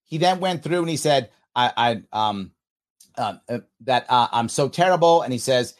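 A man in his fifties, a podcast host, talking casually and reading out listener comments with emphatic, animated delivery. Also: medium pitch, normal speed. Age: 50s. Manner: animated, emphatic, quotes others in exaggerated voices.

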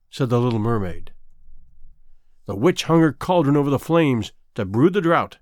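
A man narrating a fairy tale aloud in an expressive, measured storytelling manner. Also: medium pitch, no room sound, clean studio sound. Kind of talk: storybook reading.

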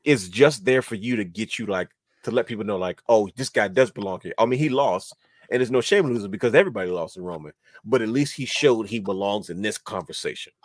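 Man, podcast host, low voice, dry close sound, rambling animated chat. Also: quick pace, no echo. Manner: animated, rambling, laughs often. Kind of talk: casual wrestling chat.

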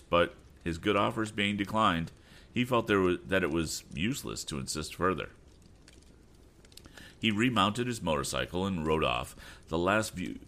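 A man hosting a storytelling show, reading a classic novel aloud in a relaxed way with chatty asides. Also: deep voice. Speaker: storytelling host.

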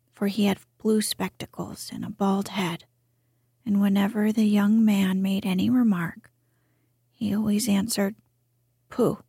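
A fussy, self-important water rat from a storybook, as a woman puts him on in whispered role-play. He lectures in a breathy, mellow hush. The pace is slow. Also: mid-range voice, no echo, studio quality, exaggerated voice.

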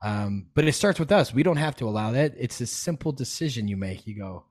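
A man talking as a podcast guest, animated and emphatic, swearing freely as he makes his points. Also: medium pitch, a little fast. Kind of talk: casual podcast conversation.

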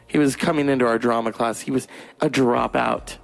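A young man from California doing crude, profane stand-up storytelling, putting on shrill voices for other people. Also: a little fast, creaky, soft background music. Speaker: stand-up comedian. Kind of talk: stand-up monologue.

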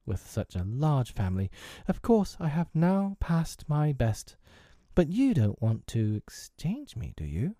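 Prim, motherly storybook girl, pitched up high with a lively, swooping line, as a male reader puts her on; earnest and a touch scornful. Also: measured pace, few pauses, no echo, clean studio sound. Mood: tender. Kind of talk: storybook character voice.

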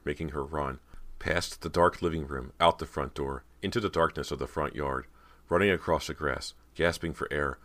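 A man narrating a horror audiobook at a steady storytelling pace. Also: a bass voice.

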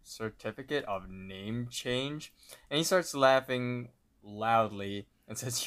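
A young man co-hosting a podcast, casually retelling a cartoon episode and briefly imitating the characters. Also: medium pitch. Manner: relaxed, retells scenes with quick character voices. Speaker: podcast co-host.

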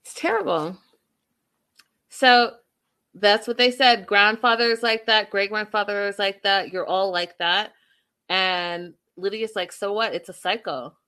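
A woman's voice: mid-range voice, steady tone, measured pace, pushed and bright, smooth. A woman giving casual, passionate commentary on a reality show, full of emphatic rhetorical questions.

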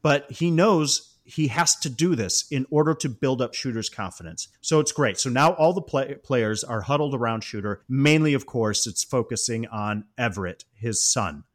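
A man on a podcast casually discussing a film, recounting scenes in an animated way and often laughing as he talks. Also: mid-range voice, normal speed, few pauses. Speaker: podcast co-host.

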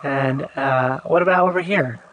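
A man hosting a casual comedy podcast, teasing his co-hosts with quick jokes. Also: mid-range voice, fairly bright tone, no echo. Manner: joking, teasing banter. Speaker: podcast host.

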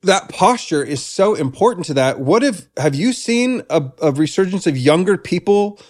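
A man working as a breathwork coach, talking casually in an interview, animated and self-deprecating with frequent restarts. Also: sits high, moderate pace.

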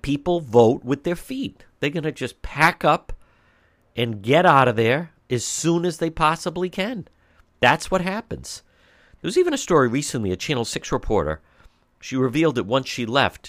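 A man's voice: medium pitch, fairly bright tone, no echo, studio quality. A man hosting a talk radio show, delivering an indignant monologue full of rhetorical questions and mocking impressions.

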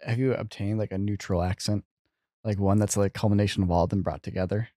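A man's voice: lowish voice, fairly even intonation, quick pace, dark tone, no room sound, clean studio sound. A man hosting a podcast, asking curious questions in a casual interview and laughing easily. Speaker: podcast host.

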